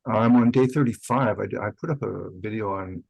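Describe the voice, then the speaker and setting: Low gravelly laid-back man. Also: brisk, darkish tone, no room sound, low-quality recording. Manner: laid-back, rambling with fillers. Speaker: home cannabis grower guest. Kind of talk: casual group chat.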